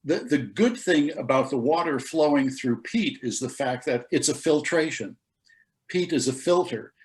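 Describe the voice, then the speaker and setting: An American man, a spirits expert, explaining calmly over a video call in a measured, storytelling way. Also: medium pitch. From United States. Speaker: spirits critic, guest expert.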